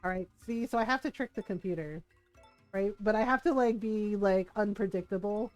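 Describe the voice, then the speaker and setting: A woman's voice: mid-range voice, moderate pace, faint music behind. A woman streaming a video game from home, chatting casually, giggling often and acting out other people's reactions. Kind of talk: casual live-stream chat.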